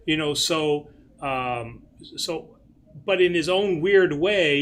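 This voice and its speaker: A man's voice: on the high side, animated, takes it slowly, fairly bright tone. A man hosting a church question-and-answer livestream as its priest, talking casually with many fillers and restarts. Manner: rambling, lots of fillers and restarts.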